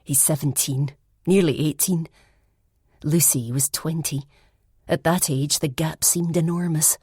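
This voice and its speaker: Brief: woman reading gossipy young woman student, low confiding tone, dry sound. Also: steady tone, unhurried, husky, dry recording. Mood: serious. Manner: confiding, hushed at times.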